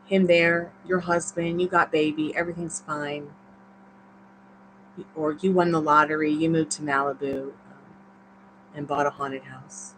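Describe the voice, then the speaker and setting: A woman's voice: low voice, steady tone, unhurried, pauses often, noisy background. A woman with a Southern accent gives a live-streamed tarot reading in a chatty, encouraging, rambling way. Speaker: tarot reader.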